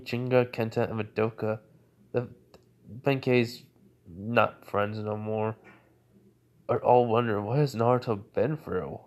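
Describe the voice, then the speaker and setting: Casual male storyteller, middle pitch, rambling with lots of fillers. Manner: rambling, heavy use of "you know" fillers. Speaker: fan storyteller. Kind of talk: casual retelling of a fan-made crossover story.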